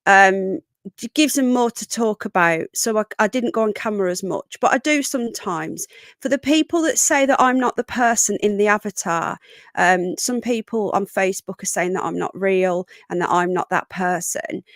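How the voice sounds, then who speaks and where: A woman's voice: mid-range voice, normal speed, no room sound, clean studio sound. A woman hosting a live stream, chatting and rambling as she greets viewers and often breaks off mid-sentence. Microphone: close desk microphone.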